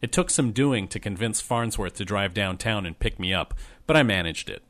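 Man, young adult, audiobook narrator, first-person memoir, wry, measured, plain tone. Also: fairly low pitch, expressive, fairly bright tone.

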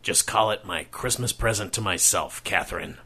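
A man voicing a lonely old man who is secretly Santa Claus, gentle, kindly and a little mischievous. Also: fairly low pitch, lively intonation, normal speed, vocal fry, breathy edge, exaggerated voice. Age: older. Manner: gentle, kindly, with sly warnings.

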